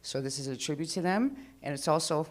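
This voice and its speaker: A woman's voice: sits low, expressive, a little fast. A woman telling a personal story live at an open mic, in a chatty, rambling way, acting out voices. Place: live venue stage.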